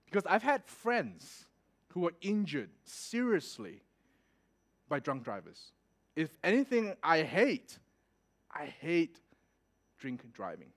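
A young adult man preaching a sermon, telling a personal story in a casual, animated way and laughing as he goes. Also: high-pitched. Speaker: pastor.

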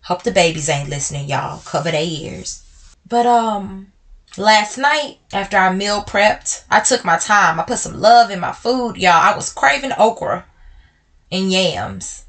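A woman's voice: medium pitch, lively intonation, fairly bright tone. A woman hosting a podcast, talking openly and emotionally to her listeners, calling them y'all, blunt and direct. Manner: swings between slow and quick speech. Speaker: podcast host. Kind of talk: personal talk to listeners.

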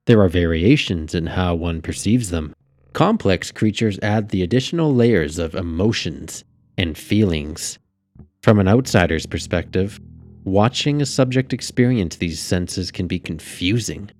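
A man calmly reading a story aloud as narrator. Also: low voice, no echo.

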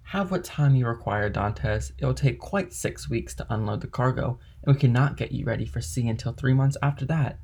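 A kindly middle-aged ship owner, voiced by a man reading a classic novel aloud, talking in a warm, fatherly, encouraging way. The voice sits at an ordinary middle pitch with a gravelly, creaky edge. The delivery stays easygoing and generous. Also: normal speed, few pauses. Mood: genial. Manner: genial, fatherly.

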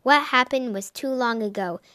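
A woman voicing a powerful, stern male cat who speaks loudly and firmly. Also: fairly high pitch, normal speed, dry recording, clean studio sound.

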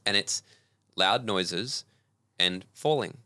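A man, a personal development coach telling animated stories as a podcast guest. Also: deep voice, slow pace, no room sound. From Australia. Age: 20s. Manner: energetic, animated storytelling with acted-out voices. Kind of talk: casual podcast interview.

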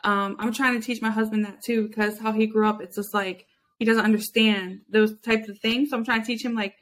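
Woman host, slightly high pitch, easygoing and agreeable. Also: flat delivery, a little fast, fairly bright tone, a little hiss or hum. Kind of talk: casual chat.

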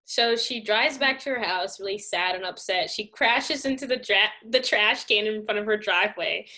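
A woman retells a movie scene by scene in casual talk, slipping into quick quoted voices. Her tone is bright and forward, pitched in the middle for a woman. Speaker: podcast co-host. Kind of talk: casual movie recap chat.

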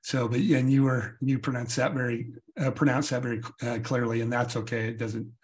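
A man's voice: mid-range voice, level tone, a little fast. An American man hosting an interview podcast, affable, often agreeing and laughing. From United States. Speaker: podcast host. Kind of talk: casual interview chat.

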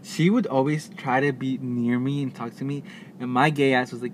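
A young man co-hosting a podcast, chatting casually and telling animated stories with acted-out quotes. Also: medium pitch, moderate pace. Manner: animated storytelling, playful, acts out quotes. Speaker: podcast co-host. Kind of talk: casual chat. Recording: noisy, corrupted mic audio.

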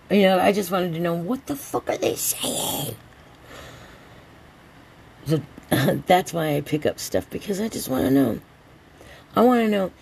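A woman hosting a rambling solo podcast, a little drunk and stoned, drawling along and breaking into excited outbursts. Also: lowish voice, creaky, slightly rough. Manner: tipsy, meandering, slow drawl with sudden excited outbursts. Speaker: podcast host.

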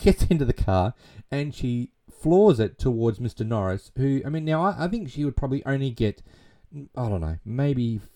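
A man's voice: mid-range voice, warm tone. A man casually retelling a movie plot and reviewing it, rambling with plenty of fillers and restarts.

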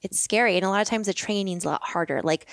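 A woman guesting on a podcast in casual chat, upbeat and quick with asides and easy laughs. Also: mid-range voice, dry recording. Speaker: podcast guest, Pilates instructor.

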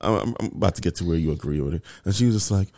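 A young man and father telling a family story in casual chat, slangy and animated, acting out what people said. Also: low-pitched, rapid-fire, gravelly, no room sound, clean studio sound. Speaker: co-host, father.

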